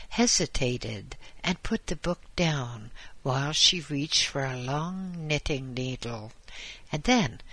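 An audiobook reader narrating a story in a slow, deliberate manner. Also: medium pitch, sharp tone, slightly rough, no room sound, poor audio.

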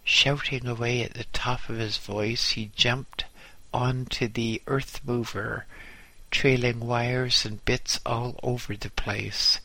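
A man narrating a memoir audiobook in a measured, dryly humorous way. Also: medium pitch, fairly even intonation, sharp tone, dry recording.

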